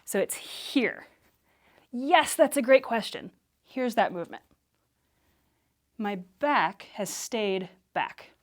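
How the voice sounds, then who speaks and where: A woman's voice: a little high, lively intonation, slow pace, pauses often. Woman teacher explaining movement. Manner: clear, patient, explanatory. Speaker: Alexander Technique teacher.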